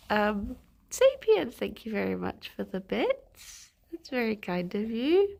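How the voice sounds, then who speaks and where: Congested woman streamer, slow and gravelly. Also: fairly high pitch, big pitch swings, a little mellow, faint music behind. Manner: reads out chat messages and laughs often. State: congested, bunged up with a cold. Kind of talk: casual live-stream chat.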